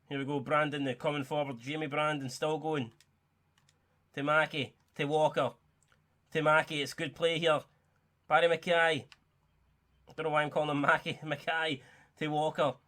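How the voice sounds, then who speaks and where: Young gaming host, bright, fairly high voice, lively sweary play-by-play. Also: male voice, normal speed, pauses often. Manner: excitable, sweary, jokey play-by-play. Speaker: gaming YouTuber. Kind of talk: live game commentary.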